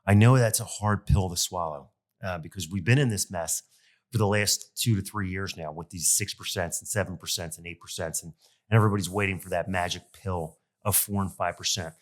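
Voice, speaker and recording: A man's voice: low-pitched, a little fast. A man hosting a podcast, a loan officer talking casually and venting with exasperation, full of ums and uhs. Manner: exasperated, animated venting with lots of fillers. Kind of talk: casual solo podcast monologue.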